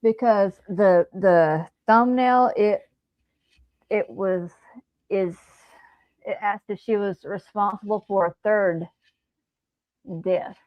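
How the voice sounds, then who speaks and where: Halting woman on a dull call line. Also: mid-range voice, no room sound. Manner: halting, restarts mid-sentence. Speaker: caller on a livestream. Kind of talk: casual chat.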